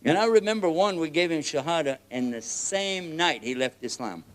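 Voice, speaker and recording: A man with a Texan accent preaching a lively, joking sermon, often laughing and swinging between loud and soft. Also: on the high side, normal speed. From United States.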